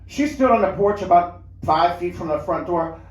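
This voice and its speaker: At a live show in a roomy lounge, recorded with a distant mic, a man reads a first-person story aloud in a conversational storytelling style with small restarts. His voice sits high, darkish in tone and expressive, at a normal speed.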